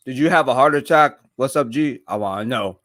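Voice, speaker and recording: A man's voice: medium pitch, fairly quick, fairly bright tone. A young man chatting casually on a live stream while eating, rambling and reading viewer comments aloud.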